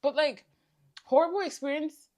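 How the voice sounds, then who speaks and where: A woman's voice: high-pitched, moderate pace, darkish tone. A woman vlogging casually to camera, venting in a tired, exasperated way while hungry. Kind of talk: casual storytime vlog. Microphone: camera mic facing a monitor.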